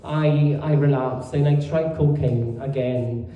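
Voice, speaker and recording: A man with an Italian accent performing a stand-up comedy set in a halting, deadpan way, full of fillers. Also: medium pitch, narrow, tinny audio, a little hiss or hum. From Italy. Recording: far from the mic in a very echoey room.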